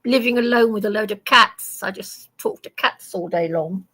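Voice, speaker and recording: A woman chatting on a live online panel, talkative and quick to laugh, with a voice she says is high-pitched. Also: pushed and bright, low-quality recording. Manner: giggly, talkative. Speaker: panel guest. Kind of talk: casual live panel chat.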